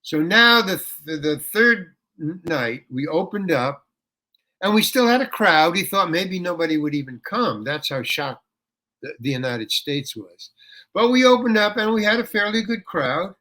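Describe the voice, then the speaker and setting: An older man, a guest actor telling a rambling story in an interview, with restarts that break into animated ranting. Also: sits high, normal speed.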